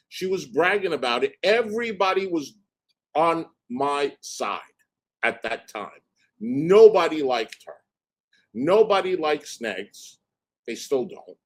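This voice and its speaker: A man hosting a livestream, telling a story in a casual, animated and profane way and mimicking other people's voices. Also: on the high side. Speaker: livestream host.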